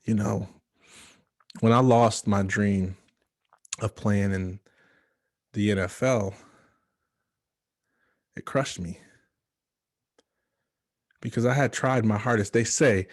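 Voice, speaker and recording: A man from Michigan giving a motivational speech, telling his own story with dramatic pauses and hushed asides. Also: medium pitch, no echo, studio quality. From Michigan, USA. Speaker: motivational speaker.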